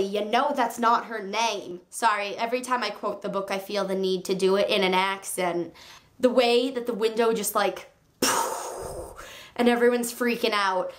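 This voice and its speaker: A woman reviewing a book on her video channel, chatting in a gushing, excitable way with sarcastic asides. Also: mid-range voice. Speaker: book vlogger.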